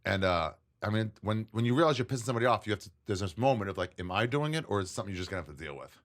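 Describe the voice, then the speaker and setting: Low-voiced man telling animated stories. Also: very fast. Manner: animated storyteller, acts out quotes, laughs often. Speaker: comedian guest. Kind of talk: casual storytelling chat. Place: tent.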